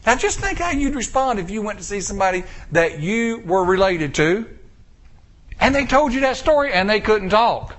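An American man preaching a sermon, retelling a scripture story with drawn-out pauses and acted-out character lines. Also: high voice. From United States. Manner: storytelling, acting out characters' lines in lively voices.

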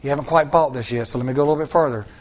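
A man's voice: mid-range voice, racing, a little mellow. A middle-aged man preaching a sermon to a congregation, with repeated rhetorical questions and rising emphasis. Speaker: pastor.

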